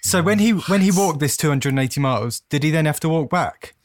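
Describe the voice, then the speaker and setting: A man's voice: a little high, expressive, brisk, crowd noise. A man in a casual podcast chat, teasing his friends and laughing at his own jokes.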